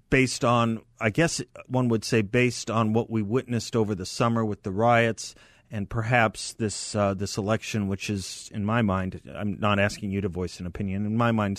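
A man hosting a talk radio show who interviews a guest and reads the station's phone number, speaking conversationally with quick affirmations. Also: lowish voice, steady tone, dry recording, clean studio sound.

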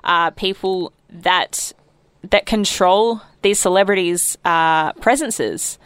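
A young woman co-hosting a casual podcast, talking in a measured, reflective way with dry humour. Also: on the low side, fairly bright tone, smooth, no room sound. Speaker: podcast co-host. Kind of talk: casual chat.

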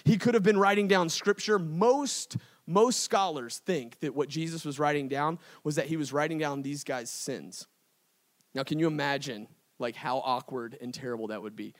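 A man's voice: fairly high pitch, normal speed. A man preaching a sermon to a live crowd at an event, telling a story with playful voices for the characters and a casual, slangy way of talking. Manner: casual slangy delivery, addresses the crowd as y'all. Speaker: pastor. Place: event stage before a live audience.

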